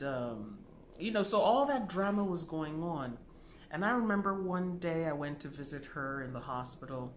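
A man's voice: medium pitch, slight background noise. Guy teaching about dreams, rambly storytelling, plays the voices of people he quotes, echoey room. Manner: conversational, many fillers and asides, acts out quoted voices. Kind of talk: storytelling lesson to camera.

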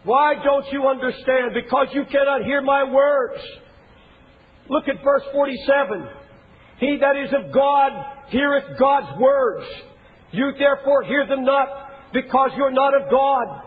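Impassioned high-voiced male preacher. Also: measured pace, big-room sound, narrow, tinny audio. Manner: impassioned preaching, rising to shouts. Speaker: pastor. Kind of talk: sermon. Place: church sanctuary.

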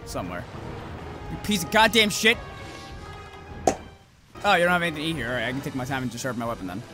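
A man giving profane, excitable commentary while playing a video game, yelling at the monsters. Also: medium pitch, racing. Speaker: let's play gamer. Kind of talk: gameplay commentary. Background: game music.

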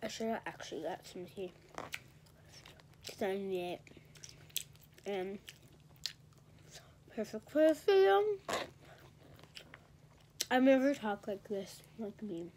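A woman's voice: medium pitch, measured pace, long pauses, dark tone, slight background noise. A teenage girl rambling and gossiping in a casual vlog, a bit congested and talking while she eats in bed. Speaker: vlogger.

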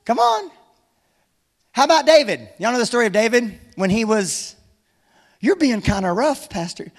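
A man preaching a sermon as pastor, animated and humorous, urging his congregation on. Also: very high voice, moderate pace, big-room sound.

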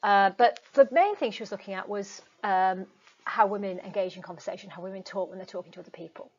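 A woman's voice: medium pitch, fast, husky. A woman teacher giving a recorded lecture in a chatty way, with frequent ums and asides. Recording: dull lo-fi recording.

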